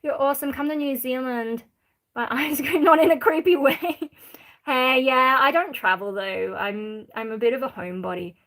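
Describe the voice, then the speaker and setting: A woman's voice: high voice, moderate pace, a bit bright. A woman in her thirties with an Australian accent, chatting casually on a livestream and answering viewers' questions with plenty of ums. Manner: reads out and answers chat questions, many fillers. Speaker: streamer.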